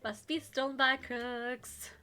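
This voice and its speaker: A woman voicing an excitable young witch heroine in a dating game, with a high, animated delivery. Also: slow, exaggerated voice.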